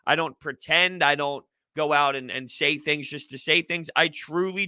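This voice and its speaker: A man's voice: fairly high pitch, normal speed, few pauses, sharp tone, clear, resonant tone, dry recording, clean studio sound. A man hosting a casual livestream sports talk show, emphatic and repetitive as he vents frustration. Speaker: host.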